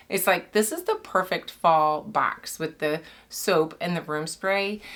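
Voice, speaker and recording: A woman's voice: lowish voice, a bit bright. A young adult woman, a soap maker chatting casually with her channel as she cuts soap, rambling and laughing often, a little out of breath. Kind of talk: casual chat while cutting soap.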